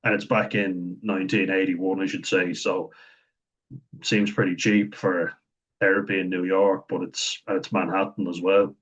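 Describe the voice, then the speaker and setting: A man's voice: low voice, flat delivery, moderate pace, low-quality recording. A man giving a chatty, meandering spoken review of a TV series, retelling scenes as he goes. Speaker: show reviewer.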